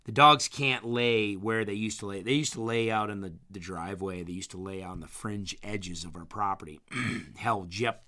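A man telling a rambling story in a casual chat, his voice strained after hurting his vocal cords, clearing his throat often. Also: on the low side, moderate pace, pushed and bright.

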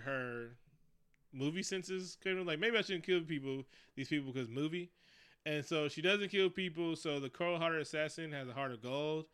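A man casually recapping a movie with a co-host, talking in an animated, profane, jokey way. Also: fairly high pitch, clean tone. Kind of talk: casual chat.

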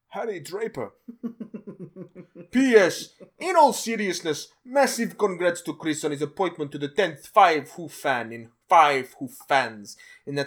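A man's voice: on the high side, a bit bright. A man voicing a listener's letter in a mock Russian accent, breaking into laughter as he reads. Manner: laughs through the reading.

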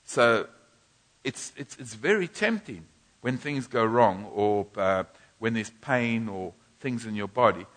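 A man's voice: fairly low pitch, lively intonation, a little slow, a bit bright. A man preaching a sermon in a church, emphatic and repetitive, often restarting phrases.

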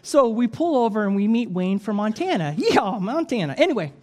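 A man preaching as an evangelist, telling stories with jokes and an animated, lively delivery. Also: sits high, fairly quick. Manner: animated storytelling with jokes and laughs. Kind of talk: sermon.

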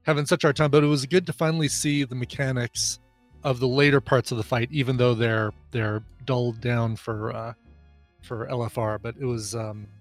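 A man's voice: mid-range voice, fairly even intonation, moderate pace, soft background music. A man co-hosting a live stream in playful, jokey, casual chat. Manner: playful, jokey, with silly bits. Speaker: co-host.

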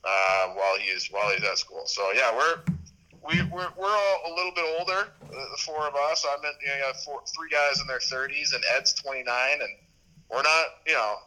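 A sports media host in his thirties guests on a podcast in a casual interview, rambling with restarts and fillers. His medium-pitched voice is brisk, bright, and forceful, though the audio is poor.

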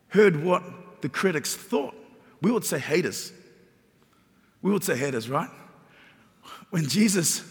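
A man preaching a sermon as pastor, repeating phrases and building emphasis. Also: sits high. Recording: long reverb of a large hall.

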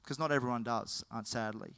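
A man preaching a sermon, telling the story in an animated way and often correcting himself mid-sentence. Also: mid-range voice, a little fast, gravelly, smooth. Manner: animated, with frequent self-corrections.

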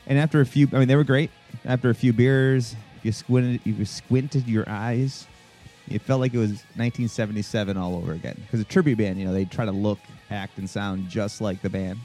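A man's voice: fairly low pitch, steady tone, brisk, dark tone. A man co-hosting a podcast, rambling through a story in casual chat and laughing easily, with faint rock music playing behind him. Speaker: podcast co-host.

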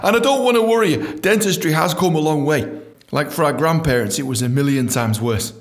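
A man hosting a storytelling podcast, animated, swearing freely and acting out quotes. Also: a little high, a little fast. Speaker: podcast host.

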